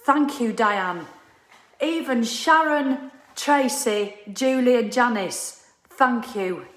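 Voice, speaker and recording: A middle-aged woman hosting a live self-help session, blunt and emphatic, swearing casually as she coaches. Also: high voice. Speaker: gratitude program host. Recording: echoey room.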